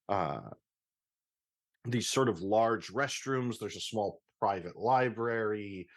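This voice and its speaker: A deep-voiced man runs a tabletop game as its game master. He describes the scene at length and pauses often with fillers.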